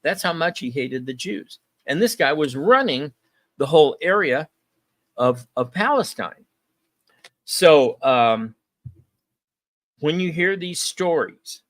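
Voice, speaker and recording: A man's voice: mid-range voice, fairly bright tone, no echo. Man hosting a folksy political talk show. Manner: conversational, folksy, frequent ums and uhs.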